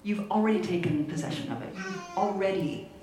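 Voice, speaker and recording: A woman's voice: mid-range voice, a little fast, background noise. Woman cracking jokes at the pulpit, middle voice, echoey church room. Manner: humorous, bantering. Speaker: co-minister. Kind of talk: sermon talk. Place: church sanctuary. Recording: roomy hall sound.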